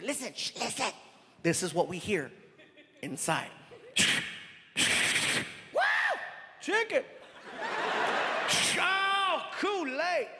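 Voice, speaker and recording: A male stand-up comedian telling a story on stage, animated and loud, acting out the people in it. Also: very high voice, heavy background noise. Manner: animated, acts out characters with big shouted voices. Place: large live venue with audience. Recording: live stage mic in a reverberant hall with loud crowd.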